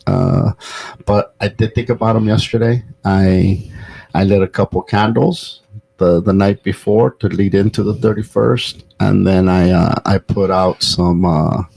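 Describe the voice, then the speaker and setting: Man, podcast host, gravelly, husky, casual profane storyteller, lots of ums. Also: sits low, fairly even intonation, measured pace, a little mellow, rough recording. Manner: loose, profane storytelling with many fillers.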